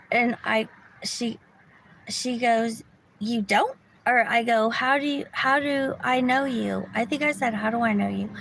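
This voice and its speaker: A woman talks slowly to her viewers from her car, her voice gravelly with fry. She rambles and restarts her sentences, sometimes slipping into a whisper. Faint background noise sits under the phone recording. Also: a little high, fairly bright tone, rough recording. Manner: rambling, restarts often, drops to a whisper at times. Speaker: vlogger. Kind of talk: casual storytelling to viewers. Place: car in a parking lot.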